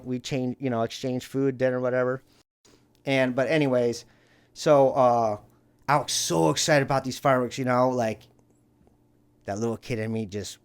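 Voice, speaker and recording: A man hosting a podcast, telling a story casually and rambling, full of "you know" and swearing. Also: medium pitch. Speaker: podcast host.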